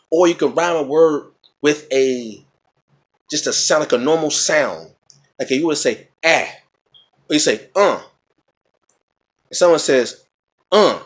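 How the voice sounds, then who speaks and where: A man casually explaining battle rap rhymes in a teacherly way, repeating example words and checking in with "okay?". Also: medium pitch.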